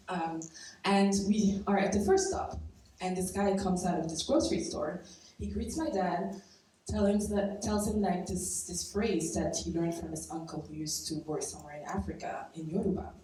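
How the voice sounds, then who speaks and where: A woman's voice: on the low side, normal speed, mellow. A woman from Belgium telling a personal story to a live audience, casual and conversational, laughing at her own lines. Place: stage at a live storytelling event. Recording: echoey room from far off, faint noise.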